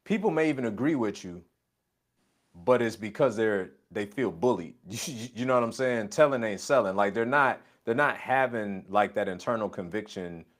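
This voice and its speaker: A man's voice: lowish voice, expressive, normal speed. A man coaching a colleague in a casual conversation, emphatic and repeating his catchphrases. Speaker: business coach.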